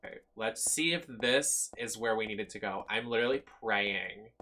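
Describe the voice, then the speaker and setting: A man's voice: fairly low pitch, moderate pace, bright, forceful tone, a little hiss or hum. A man streaming a horror game, giving live commentary in an anxious, dramatic way, full of nervous exclamations.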